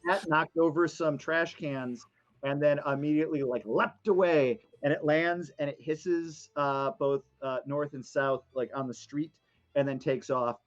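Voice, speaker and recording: A man's voice: a little high, fairly even intonation, unhurried, highs cut off. A man narrating as dungeon master, rambling with lots of fillers. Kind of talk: narrating a tabletop game.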